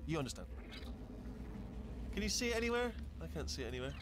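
A man's voice: fairly high pitch, sing-song, fast talker, noisy background. A man voicing a nervous, chatty male robot sidekick in a video game who rambles and gets flustered. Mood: fussy. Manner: rambling, babbling, easily flustered.

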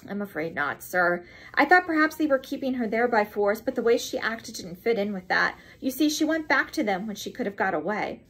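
Female reader as a polite, eager young man, deferential, slightly husky. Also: a little high, lively intonation, a little fast, a bit bright. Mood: earnest.

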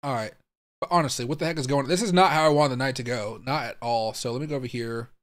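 A young man hosting a late-night live stream, talking to himself and his viewers in puzzled, muttered bursts. He swears often and keeps asking what is going on. His voice sits at a middling pitch. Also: fast. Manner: baffled, thinking aloud, swearing, talking to viewers. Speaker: crypto livestream host. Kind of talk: live-streamed casual commentary.

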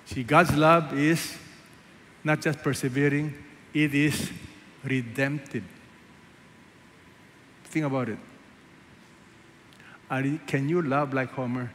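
A man preaching a sermon as a pastor, asking the congregation rhetorical questions and swinging between loud emphasis and hushed asides. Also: mid-range voice, steady tone, slow, long pauses, a little hiss or hum. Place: large church hall. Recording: echoey church hall, faint ambience.

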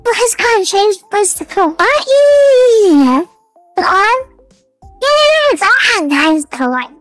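Young woman gamer, very high voice, slow unhurried talk, jumpy, swears, desk mic. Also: very animated, dry recording, faint music behind. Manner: jumpy, swears, exclaims at the game. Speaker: gaming YouTuber. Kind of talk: casual game commentary. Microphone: desk microphone.

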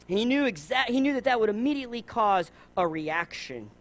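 A man with a Southern US accent preaching a sermon, lively, acting out the people in his stories. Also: high-pitched, a little fast, few pauses. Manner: animated, acts out voices in his stories. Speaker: pastor.

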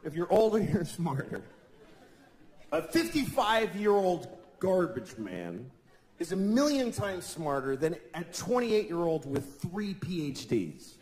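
A man's voice: high-pitched, big pitch swings, a little slow, darkish tone. A man doing stand-up comedy in a large theater, wry and reasoning, talking with the audience. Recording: echoey live theater with crowd.

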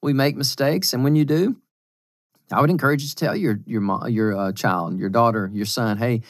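A man's voice: mid-range voice, normal speed, no echo, clean studio sound. A man, a pastor, co-hosting a podcast in casual chat, earnest and emotional, laughing easily as he talks. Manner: earnest, emotional, laughs often, reads aloud with feeling.

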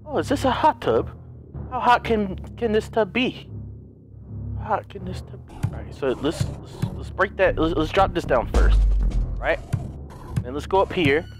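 A man giving excitable let's-play commentary on a puzzle game, shouting and joking at the characters. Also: sits high, moderate pace, long pauses. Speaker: gaming commentator. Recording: game music behind voice.

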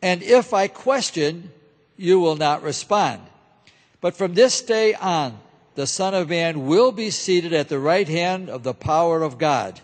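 A man reading the lines of a calm male teacher facing his accusers, slow and measured, in a church hall with a long echo. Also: fairly high pitch.

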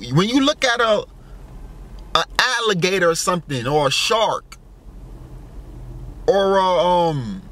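A man's voice: high voice, bright, forceful tone. A young man rambling through a casual monologue, wondering aloud with lots of fillers and swearing. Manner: musing, full of fillers and profanity, wondering aloud. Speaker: vlogger.

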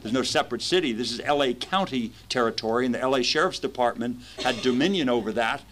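A man in his fifties telling his story at a recovery meeting, lively, acting out the voices of people in it. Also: mid-range voice, fast talker, slight background noise. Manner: animated storyteller, acts out quoted voices.

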